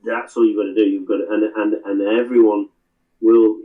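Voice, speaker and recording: Lower-voiced man on a tinny line. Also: level tone, moderate pace. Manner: earnest, emphatic, repeats himself. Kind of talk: casual conversation.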